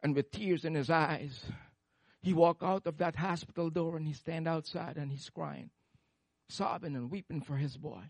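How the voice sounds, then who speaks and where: A man preaching in a high voice, captured dry and close with no room sound. He holds a microphone and swings between loud, fervent praise and quiet, hushed storytelling in a church sermon. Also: moderate pace, vocal fry, no echo. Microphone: handheld microphone.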